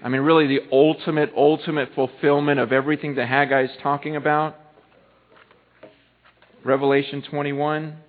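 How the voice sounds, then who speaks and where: A man preaches to his church, urgent at full voice and then dropping low and quiet. His voice carries a long echo through the hall, and the recording is thin and tinny, like audio heard over a phone line. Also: level tone, normal speed. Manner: impassioned preaching that swings from loud to hushed. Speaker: pastor. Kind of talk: sermon.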